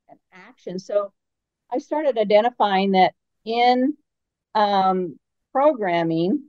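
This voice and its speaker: A woman's voice: medium pitch, dry recording. A woman guest on an interview, explaining her ideas earnestly and building her points through strings of questions. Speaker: guest expert on active aging. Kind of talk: conversational interview. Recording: slightly dull lo-fi audio.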